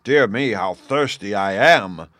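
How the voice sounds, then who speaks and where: Loud, threatening storybook giant, voiced by a man, dry close sound. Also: fairly low pitch, moderate pace, dry recording, natural voice. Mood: desperate. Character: brutish boastful male giant.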